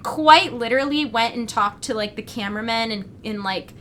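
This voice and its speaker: A young woman co-hosting a casual livestream chat, telling a story in an animated rush with lots of fillers, restless and over-caffeinated. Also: on the high side, normal speed, slight background noise. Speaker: co-host.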